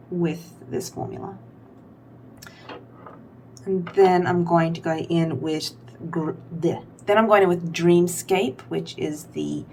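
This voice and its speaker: Young woman doing a makeup vlog, low-ish gravelly voice, rambly and chatty, little hum behind. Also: a little mellow. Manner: rambling, filler-heavy, self-deprecating. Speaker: beauty vlogger. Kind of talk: casual makeup tutorial chat.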